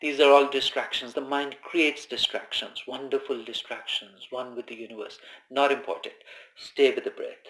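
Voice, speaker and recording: A man giving informal spoken meditation instruction, calm and conversational, who repeats his key phrases. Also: medium pitch. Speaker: meditation teacher. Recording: echoey room.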